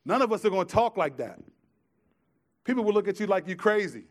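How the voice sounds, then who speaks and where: A man preaching a sermon as pastor, emphatic, shifting from hushed lines to loud ones, with casual conversational asides. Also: high-pitched, very animated, brisk. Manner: emphatic, swings between quiet and loud.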